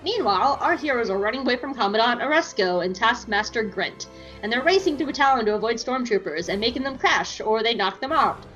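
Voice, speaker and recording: A woman's voice: fairly high pitch, expressive, a little fast, a bit bright, lo-fi sound, faint music behind. A woman podcast co-host chatting casually through an episode recap, giggly and swearing freely.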